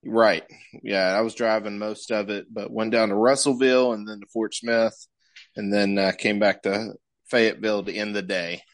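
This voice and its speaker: A man co-hosting a casual chat over a video call, agreeable and chatty, quick to affirm. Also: on the low side, steady tone, dry recording. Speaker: co-host.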